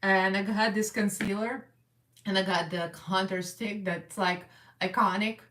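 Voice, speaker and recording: A woman's voice: mid-range voice, fairly even intonation, a little slow, a bit bright. A woman hosting a casual live makeup chat, chatty and rambling, laughing often as she works. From Russian American. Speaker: makeup livestream host. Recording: echoey room, voice a little far from the mic.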